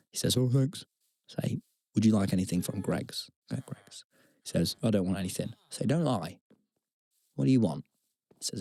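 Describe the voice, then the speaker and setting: A young man with a lowish, somewhat dark voice co-hosts a podcast. In a casual storytelling chat, he rambles and pokes fun at himself, breaking into dramatic outbursts.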